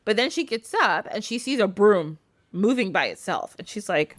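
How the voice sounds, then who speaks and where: A woman's voice: mid-range voice, expressive, normal speed, no echo, studio quality. A woman casually retelling a folktale on a podcast, chatty and laughing often. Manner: chatty, laughing, filler 'like'. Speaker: podcast storyteller.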